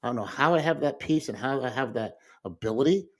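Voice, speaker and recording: A grieving man talks through a recent loss in a casual conversation. He speaks at an ordinary middle pitch, halting and restarting as he goes and breaking into soft laughs now and then. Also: lively intonation. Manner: halting, with restarts and soft laughs while telling a personal story. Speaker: podcast co-host.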